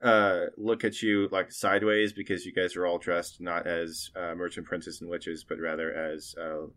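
A man's voice: deep voice, level tone, moderate pace, fairly bright tone. A man narrating as game master of a tabletop game in a chatty way, laughing and using lots of fillers.

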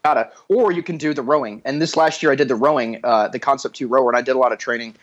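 A man's voice: mid-range voice, quick pace, muffled recording. A man co-hosting a podcast in casual chat, talkative and joking, a police officer by trade.

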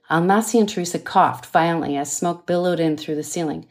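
Audiobook: author reads her thriller, low-ish female voice, measured and dramatic. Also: a little mellow. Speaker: author reading her novel. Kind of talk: audiobook narration.

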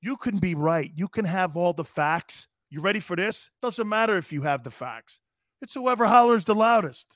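A middle-aged man hosting a live sports talk show, loud and brash, often shouting and laughing as he reads viewer comments. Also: fairly high pitch, animated, normal speed, hardly any pauses, dry recording, clean studio sound.

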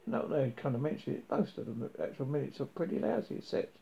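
A man voicing a dim-witted alien guard who answers slowly and haltingly. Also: medium pitch, very animated, vocal fry, dark tone, slightly rough, heavily acted. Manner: slow, dull-witted, hesitant. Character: dim, sluggish male alien guard, a Vogon. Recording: dull lo-fi recording.

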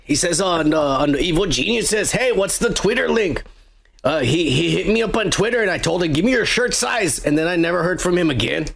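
Brief: male podcast co-host, gravelly and a touch high, crude rambling banter. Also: lively intonation, brisk, fairly bright tone, a little hiss or hum. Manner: crude, rambling, swears often. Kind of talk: casual profane chat reading comments.

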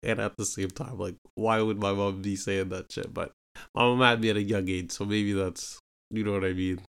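A young man from Canada tells his own story in a loose, rambling way, looping back with filler phrases. His voice sits very low and stays flat in tone, yet it comes through smooth and clear. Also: normal speed. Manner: rambling, full of fillers like "you know what I mean" and "right". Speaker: podcast host telling his own story. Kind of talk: casual personal storytelling.

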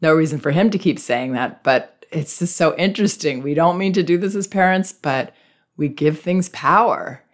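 A woman hosting a parenting advice podcast, speaking gently and reflectively as she talks through a child's behavior. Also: deep voice, normal speed.

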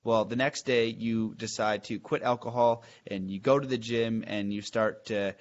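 A man's voice: fairly low pitch, fairly even intonation, moderate pace, lo-fi sound. A man hosting a podcast, talking in an enthusiastic, searching way and restarting his questions as he thinks aloud. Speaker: podcast host. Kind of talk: casual chat.

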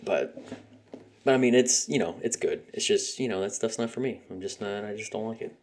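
A young man on his podcast talks about music in a loose, rambling way, swearing and leaning on fillers constantly. His voice is on the low side and a little mellow, and he speaks a little fast.

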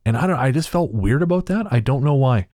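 A man co-hosting a podcast, talking in a halting way with restarts and self-deprecating laughs. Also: mid-range voice, expressive, darkish tone, dry recording, clean studio sound. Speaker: podcast co-host. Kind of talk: casual chat.

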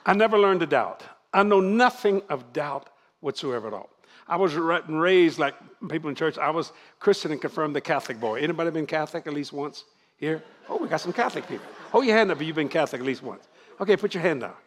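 A man's voice: a little high, expressive, fast. An older man preaching to a congregation, joking and laughing as he goes. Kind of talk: church sermon.

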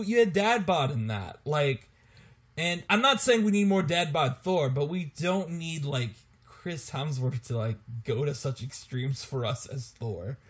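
A young man co-hosts a casual podcast, his voice sitting a little high for a man. He jokes and laughs often, bouncing through the chat with animated energy. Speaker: podcast co-host.

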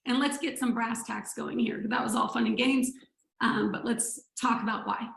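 A woman leading a motivational training call for health coaches, energetic, playful and emphatic. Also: a little high, moderate pace, gravelly, reverberant, poor audio.

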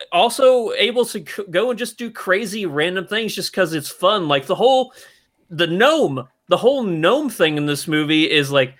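Bright-voiced excitable man chatting films. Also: on the high side. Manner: excitable, rambling, playful. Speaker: podcast co-host. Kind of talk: casual film chat.

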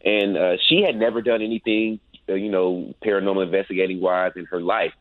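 A laid-back man recounts a story as a guest, peppering his talk with "man." His voice sits fairly low and comes through a tinny, phone-like line with no room sound around it. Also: steady tone, brisk, no echo. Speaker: guest, paranormal investigator. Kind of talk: casual storytelling interview.

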